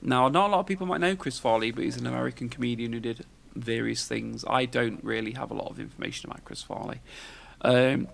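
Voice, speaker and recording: A man's voice: mid-range voice, quick pace, vocal fry, few pauses. A man, hosting a podcast in casual, rambling chat and tossing questions to his co-host. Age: 40s.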